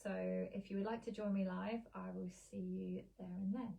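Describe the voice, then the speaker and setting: Middle-aged woman meditation teacher, calm and gentle pacing, mellow low-key tone with some vocal fry. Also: low-quality recording. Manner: soft, slow, soothing guidance with gentle pauses. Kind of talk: guided meditation and casual live-stream talk. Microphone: streaming live on a social video stream.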